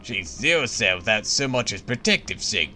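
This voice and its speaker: A calm young woman assistant reports records in a hushed, soft-spoken way, as a man reads her lines aloud. The voice is bright and lively in pitch, with faint music underneath. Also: fairly quick, full character voice. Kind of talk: reading game dialogue aloud.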